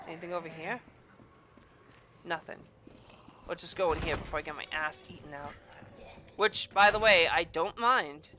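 A woman's voice: medium pitch, slight background noise. A young woman giving crude, jokey let's play commentary on a horror game, swearing often and yelping when startled. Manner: yelps and shouts when startled. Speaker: gamer playing a horror game.

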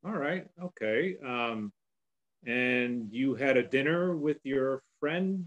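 A man playing a therapist in a comedy sketch, speaking slowly and hesitantly as he reads from his notes. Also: mid-range voice, rough recording. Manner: slow, hesitant, reading from notes.

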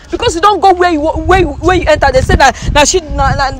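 High-pitched scolding Nigerian woman. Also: brisk, few pauses, crowd noise. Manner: scolding, repeating herself, mixing in pidgin. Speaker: mediator. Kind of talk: heated street argument.

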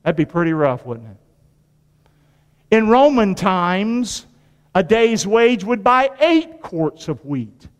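Pausing often and taking his time, a very animated pastor with a high voice preaches amid the long hall reverb of a church. He quizzes the congregation and repeats phrases for folksy emphasis, his delivery lurching up and down.

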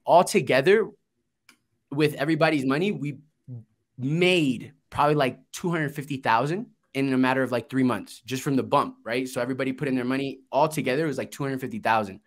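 A man's voice: mid-range voice, brisk. A man who grew up in Florida, telling his story as a podcast guest in a laid-back way, swearing freely and acting out what people said. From Florida, United States. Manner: laid-back, swears, acts out quoted dialogue. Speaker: guest, investing entrepreneur. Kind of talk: casual storytelling interview.

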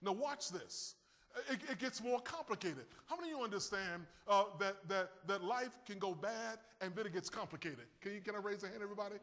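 A man preaching a sermon, animated and calling on his listeners to answer and raise their hands. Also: high voice, a little fast, big-room sound. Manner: animated, calls on the audience to respond.

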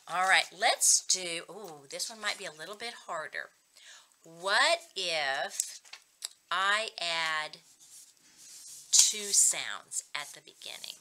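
A woman teacher reading a picture book aloud to young children and slowly sounding out word-family words. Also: mid-range voice, sharp tone. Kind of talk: children's read-aloud and phonics lesson.

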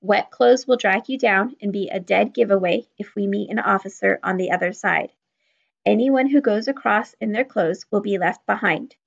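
A woman's voice: medium pitch, moderate pace, creaky, husky, lo-fi sound. A woman voicing a cold, commanding male smuggler in a storybook read-aloud, giving blunt, threatening orders.

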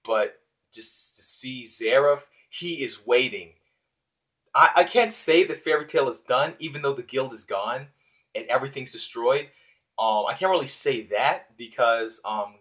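Excitable man reviewing manga. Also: medium pitch. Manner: excitable, lots of fillers and restarts. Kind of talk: casual video review.

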